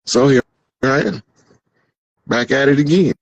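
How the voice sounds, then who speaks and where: A man's voice: medium pitch, a little slow, gravelly, no echo, lo-fi sound. A male guest talking in a proud, slangy, preacher-like way in casual conversation.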